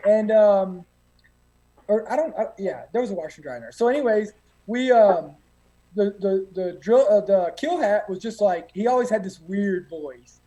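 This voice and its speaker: A man's voice: sits high, lively intonation, moderate pace, warm tone, low-quality recording. A man, a guest telling boot camp stories in a rambling, profane way with many fillers. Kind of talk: casual storytelling.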